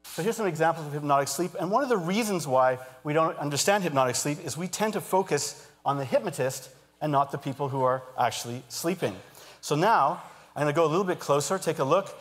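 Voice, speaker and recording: A man giving a live stage talk as a hypnotist, moving between calm trance suggestions and lively explaining to an audience. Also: on the high side, a little fast. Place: large auditorium stage. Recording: long hall reverb.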